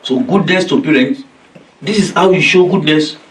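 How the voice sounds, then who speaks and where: A man's voice: on the high side, moderate pace. A man giving a religious lesson to a study circle. He recites verses in Arabic, then explains them in plain, repetitive English and acts out the voices he quotes. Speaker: religious teacher leading a weekly study circle. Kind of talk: religious lecture. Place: community centre hall. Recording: echoey hall, voice from far off.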